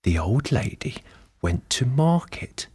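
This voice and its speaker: His voice is husky, mid-range and very animated as he reads a bedtime story in a gentle, drawn-out way. Soft whispered asides surface from time to time.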